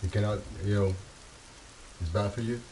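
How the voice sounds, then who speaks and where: A man from Europe chatting casually, halting and repeating his words in non-native phrasing, with faint rain behind him. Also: lowish voice, fairly even intonation, noisy background. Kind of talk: casual one-sided chat.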